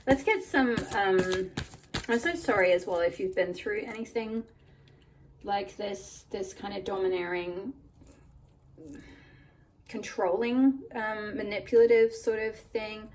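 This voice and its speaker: A woman with a croaky voice from a cold, giving a rambling pick-a-card tarot reading full of "like" and "um". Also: medium pitch, takes it slowly, pauses often. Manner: rambling, many "like" and "um" fillers. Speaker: tarot reader. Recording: voice a bit far from the mic, faint room noise.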